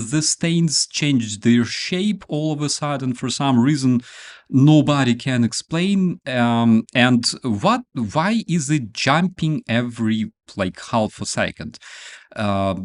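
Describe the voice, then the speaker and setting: A man hosts a relaxed live stream at a middle pitch. His voice rises and falls very expressively, and he talks in a sarcastic, restless way, full of fillers and false starts. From Ukraine. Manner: animated, sarcastic, lots of fillers and restarts. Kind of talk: casual live-stream commentary.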